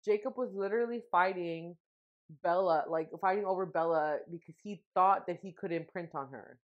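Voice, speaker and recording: This young woman co-hosting a podcast has a fairly low-pitched voice and a moderate pace. She rambles in casual chat, using lots of fillers and restarts, recorded in muffled lo-fi quality.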